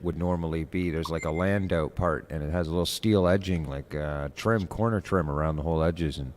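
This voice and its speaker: A man's voice: low voice, fairly quick, darkish tone. A man from Canada, a guest on a live stream, telling a story in casual chat with many fillers and restarts.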